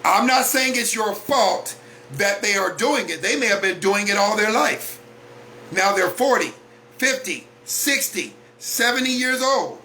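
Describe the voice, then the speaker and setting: A man's voice: high voice, expressive, measured pace, pushed and bright, slight background noise. A man hosting a weekly talk broadcast, speaking bluntly in a preachy monologue and hammering home repeated rhetorical questions.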